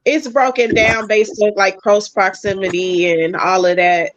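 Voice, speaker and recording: A woman guest chatting casually, telling a personal story in animated bursts. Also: medium pitch, a little slow, a little hiss or hum. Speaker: podcast guest. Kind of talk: casual chat. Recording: dull, dry lo-fi sound.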